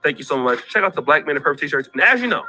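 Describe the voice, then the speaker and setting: A man's voice: a little high, big pitch swings, rapid-fire, sharp tone, faint music behind. A man hosting a commentary vlog, ranting in a preachy way, repeating himself and calling out people by name.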